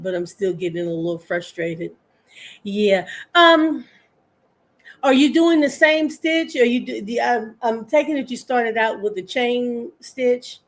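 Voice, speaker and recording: An older woman hosting a live crafting stream, chatting in a rambling, homey way with viewers and her pet. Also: a little high.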